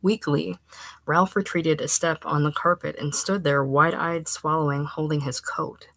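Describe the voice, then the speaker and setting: A woman with a notably low voice reads a short story aloud in a steady, even narration. Her delivery sometimes drops to a hushed near-whisper. The recording is close and dry, with no room sound. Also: unhurried, no room sound. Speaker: reader.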